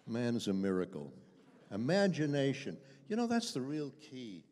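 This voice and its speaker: A man's voice: medium pitch, darkish tone. An older man, a voice actor guest, telling anecdotes at a convention Q&A with a chatty, self-deprecating, chuckling manner. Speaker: voice actor guest at a fan panel. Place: convention panel room. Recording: echoey convention hall.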